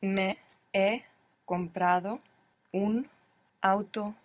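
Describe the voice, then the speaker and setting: Slow, hesitant female language student. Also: mid-range voice, steady tone, no echo. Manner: slow, hesitant, piecing answers together. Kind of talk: answering in a language lesson.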